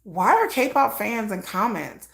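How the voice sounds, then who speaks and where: A middle-aged woman hosting a casual livestream, blunt and animated, laughing often and acting out conversations. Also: medium pitch, slow, vocal fry, echoey room. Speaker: livestream host.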